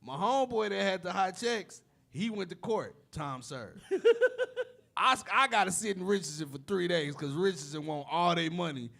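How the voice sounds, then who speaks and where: A man co-hosting a podcast, telling profane stories in an animated, laughing way. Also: high voice, normal speed, creaky. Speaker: podcast co-host. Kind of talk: casual storytelling chat.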